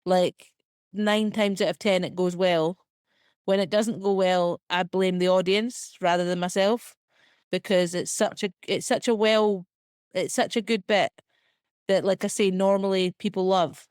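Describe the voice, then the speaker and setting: A young woman with a Scottish accent, a comedian talking chattily as a podcast guest, full of "like" and quick laughs. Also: medium pitch, steady tone, a little mellow, no echo, clean studio sound. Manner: chatty, filler-heavy, quick self-deprecating laughs. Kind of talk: casual podcast interview.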